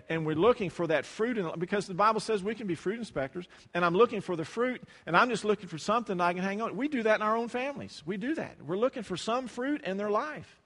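A pastor delivers a sermon to his congregation in a fairly high, slightly bright voice. His style is loose and conversational, full of repeated words and acted-out dialogue, while a church hall's long reverb lingers behind him.

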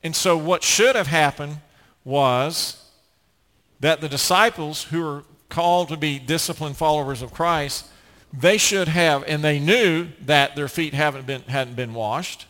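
A man's voice: on the high side, unhurried, a bit bright, in a large hall. A man preaching a sermon as pastor, earnest and emphatic, often restarting his phrases.

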